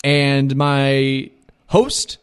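A man's voice: medium pitch, steady tone, extremely slow, clean tone. A man hosting as a radio DJ, quizzing strangers in a bemused, straight-faced way. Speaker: radio DJ and host. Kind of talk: improvised comedy sketch.

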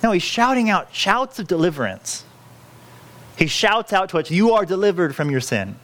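Earnest male preacher with a lively voice. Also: high voice, normal speed. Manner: earnest, pleading, self-correcting with frequent restarts. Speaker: pastor. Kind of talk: sermon.

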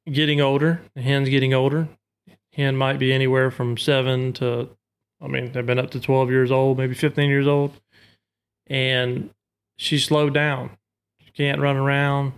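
A man's voice: mid-range voice, little pitch movement, unhurried, clear, resonant tone. A man from Arkansas, explaining duck call technique in a podcast with homely comparisons. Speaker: duck call maker and hunter. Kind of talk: instructional podcast talk.

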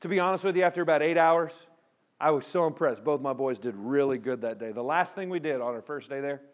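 A man giving a storytelling sermon to students in front of a live audience, acting out voices and turning quiet and earnest toward the close. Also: fairly high pitch, fast. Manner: animated storyteller who acts out voices.

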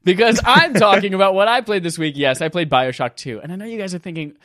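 A man's voice: sits high, fast talker, few pauses, no room sound, clean studio sound. A man from North Carolina co-hosting a gaming podcast, joking and swearing as he tells stories. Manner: joking, profane, animated storytelling. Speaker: podcast co-host. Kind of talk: casual gaming podcast chat.

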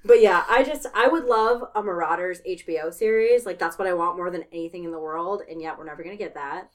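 A woman co-hosting a casual movie podcast, animated and laughing often as she mimics characters. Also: on the low side, quick pace. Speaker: podcast co-host.

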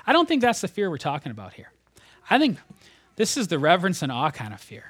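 A man preaching a sermon, retelling a scripture story in a conversational, animated way, sometimes dropping almost to a whisper. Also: a little high, quick pace, husky, dry recording.

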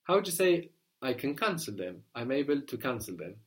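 A man teaching a spoken language lesson, explaining patiently and repeating words slowly for his student. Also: medium pitch, very animated.

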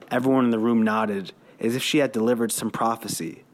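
A man's voice: mid-range voice, steady tone, fairly quick, few pauses. A man, an author, reading his own fiction aloud in a wry, dry narrating manner.

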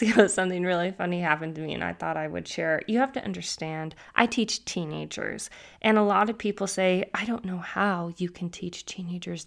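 A woman's voice: lowish voice, creaky, a bit bright. A woman who teaches, hosting an educational podcast in an upbeat, chatty way and laughing easily as she tells stories.

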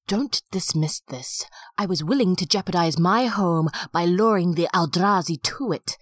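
A woman's voice: on the low side, moderate pace, no room sound, studio quality, close to an everyday voice. An actress playing an ancient female planeswalker, proud and hurt, confronting her old mentor in an audio drama. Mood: bitter.

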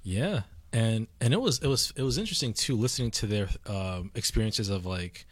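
A man's voice: on the low side, lively intonation, fairly quick, no echo. A man co-hosting a casual chat, rambling with lots of fillers and restarts. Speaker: podcast co-host.

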